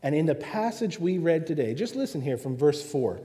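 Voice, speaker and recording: A man's voice: fairly high pitch, big pitch swings, normal speed, dark tone. A man preaching a sermon, earnest and full of rhetorical questions, in a church. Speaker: pastor. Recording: long hall reverb.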